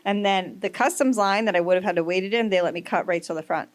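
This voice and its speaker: A woman's voice: mid-range voice, fast. Woman comedian as podcast host: chatty, swears freely, loose conversational storytelling. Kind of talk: casual chat.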